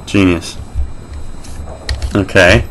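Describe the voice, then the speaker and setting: A man giving gameplay commentary as a let's play host, jumpy and excitable, swearing, laughing and yelping. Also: deep voice, extremely slow, slight background noise.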